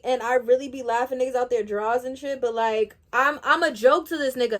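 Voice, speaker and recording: A young woman in her twenties, a rapper and makeup artist, telling a story in an animated way while doing her makeup, swearing freely and acting out quoted dialogue. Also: on the high side, brisk, hardly any pauses.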